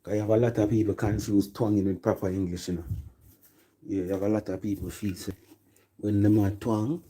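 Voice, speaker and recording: A man's voice: on the low side, fairly even intonation, fairly quick, mellow, rough recording. A Jamaican man giving a rambling, casual music commentary that mixes patois with English. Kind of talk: casual chat.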